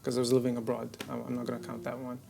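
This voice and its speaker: A man's voice: medium pitch, completely flat delivery, racing, creaky, mellow, slight background noise. A man in his thirties from the United Arab Emirates, a comedian chatting casually on a podcast, joking and laughing often at his own expense. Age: 30s. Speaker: comedian guest.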